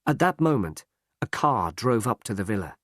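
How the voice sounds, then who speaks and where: A man narrating a story aloud in a slow, clear, expressive reading. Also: fairly low pitch, no echo, clean studio sound.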